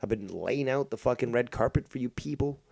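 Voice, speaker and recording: A man hosting his own live stream rambles in a profane, mocking casual rant, full of fillers and restarts. His medium-pitched voice is creaky and darkish, he talks briskly, and the recording is dry.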